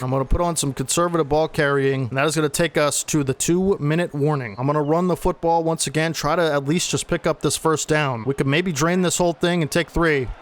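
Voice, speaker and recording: A young man giving play-by-play commentary over a football video game he is playing, excitable and talking to viewers as folks. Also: a little high, a little hiss or hum. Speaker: gaming channel host.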